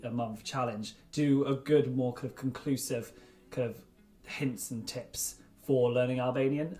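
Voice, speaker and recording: A man chatting casually to camera as a language-learning vlogger, relaxed and loose, with plenty of fillers. His voice sits at an ordinary middle pitch. The sound bounces around an echoey room. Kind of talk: casual vlog talk to camera.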